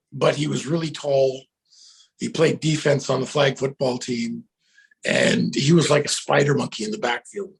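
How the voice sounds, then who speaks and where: A middle-aged man, a guest actor, telling stories in a casual interview, animated and breaking into loud shouts when he acts out the cheers he led. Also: mid-range voice, gravelly.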